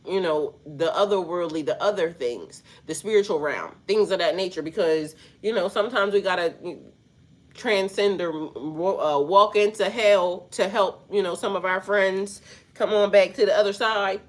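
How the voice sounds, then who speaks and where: A woman with a stuffy nose talks casually to her viewers about spiritual matters. She rambles in loose slang and swears as she goes, with a middle pitch. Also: moderate pace. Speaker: spiritual life coach.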